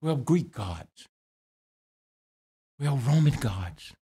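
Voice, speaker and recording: A man preaching a sermon in a lively, joking way, with quick asides and calls to the congregation. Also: medium pitch, husky. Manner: lively preaching with jokes and laughter. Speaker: pastor.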